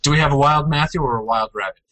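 A young man co-hosting a casual gaming news chat, joking and sometimes jumping into playful high-pitched outbursts. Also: quick pace, sharp tone, no echo, low-quality recording. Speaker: co-host.

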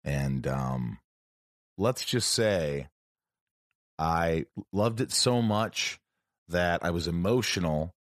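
Deep-voiced rambling male podcast host. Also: lively intonation, slow pace, pauses often, no echo, clean studio sound. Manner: rambling, jokey, chatty. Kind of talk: casual solo podcast chat.

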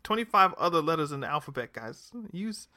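A man in casual football chat with a co-host, animated and jokey, teasing as he talks. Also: a little high, fairly quick. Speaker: podcast co-host.

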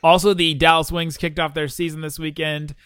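A man's voice: fairly high pitch, flat delivery, a little fast, fairly bright tone, clear, resonant tone, dry recording. A man co-hosting a sports podcast, chatting casually with rambling asides and frequent laughs. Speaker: podcast co-host.

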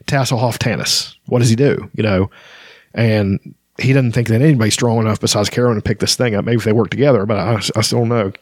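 A man with a fairly low voice talks casually about a fantasy novel he is reading. He fills gaps with "um" and "you know" often. The sound is dry and close. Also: steady tone, fast, dry recording. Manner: conversational, frequent filler words. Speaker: book reviewer. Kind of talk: casual book discussion.

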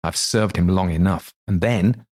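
A man's voice: deep voice, unhurried, background noise. A man doing an earnest, frightened old butler. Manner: earnest, plain-spoken servant's speech.

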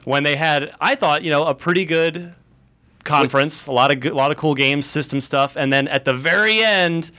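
Male podcast host, bright tone, animated storyteller, casual panel chat. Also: fairly high pitch, a little fast. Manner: animated, storytelling with acted quotes.

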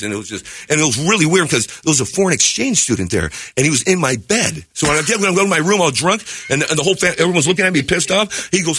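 A fast, bright, husky-voiced man rattling off a comic story. His pitch leaps around constantly as he jumps into one character voice after another, laughing along the way. The studio sound is close and dry. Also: animated, no room sound. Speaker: stand-up comedian guest. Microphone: studio microphone.

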